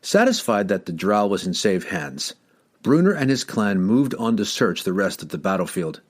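Expressive low-voiced male audiobook narrator. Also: normal speed. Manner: dramatic, expressive storytelling. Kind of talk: scripted fantasy audiobook narration.

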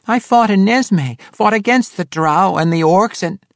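A man voicing a small, frightened and injured male halfling with a squeaky, breathless voice. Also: expressive, normal speed, no echo, clean studio sound. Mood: urgent.

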